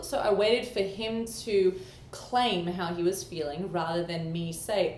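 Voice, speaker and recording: Animated woman in an echoey room. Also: medium pitch, normal speed. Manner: animated, acts out quoted dialogue. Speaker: co-host. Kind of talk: casual chat. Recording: echoey room, faint background noise.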